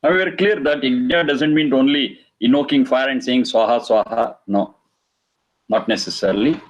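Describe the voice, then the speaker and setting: A man giving a religious lecture, reciting verses and explaining them slowly. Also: medium pitch, lo-fi sound. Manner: slow, repeats Sanskrit phrases and explains them. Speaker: Vedic teacher.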